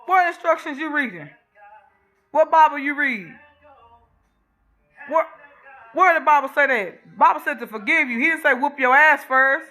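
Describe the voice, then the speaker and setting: A woman's voice: high voice, lively intonation, moderate pace, long pauses, sharp tone, soft background music. A woman vlogger talking straight to camera in a blunt, profane, fired-up rant. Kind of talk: casual monologue to camera.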